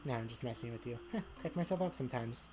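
A woman's voice: extremely low pitch, expressive, quick pace, crowd noise. A woman voicing a smug, teasing male devil who rules hell, in a visual novel playthrough. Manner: teasing, sarcastic.

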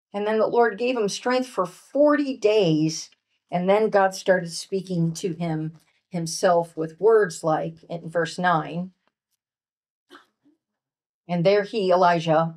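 A woman speaker teaching from scripture to a women's retreat, earnest and gentle, dropping to a soft hush on key points. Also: lowish voice. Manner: reads scripture aloud and acts out voices. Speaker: workshop speaker at a pastors' wives' retreat.

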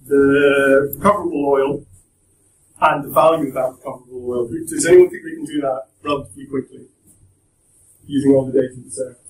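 A man's voice: mid-range voice, slight background noise. A young man giving a casual, joking talk to students, chatty and full of restarts. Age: young adult. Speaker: guest speaker at a university talk. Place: lecture room. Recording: echoey room from far off.

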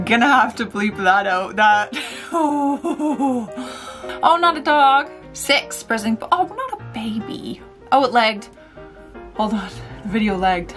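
A woman hosting a casual reaction vlog, sassy and animated, with loud outbursts and slow mutters. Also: mid-range voice. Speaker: YouTube reaction host.

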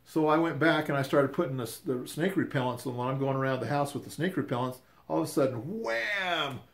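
A man's voice: medium pitch, steady tone, fast. Older man, casual storytelling, rambling, repeats words.

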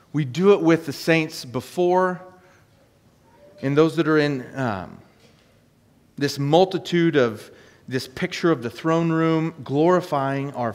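Man, pastor, sermon, earnest scripture reading, slightly high voice, long reverb. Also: lively intonation, slow pace. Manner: earnest preaching with scripture reading, some restarts.

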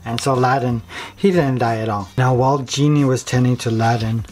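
A man's voice: mid-range voice, a little fast, darkish tone. A man vlogger telling a story in casual, comic, slangy rambling. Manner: slangy, rambling, full of likes.

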